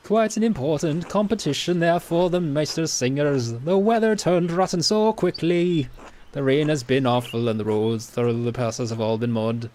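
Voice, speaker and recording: A man's voice: fairly high pitch, moderate pace, darkish tone, a little hiss or hum, voice pushed up, natural voice. A man putting on a grand, courtly travelling musician. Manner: theatrical put-on accent, grand.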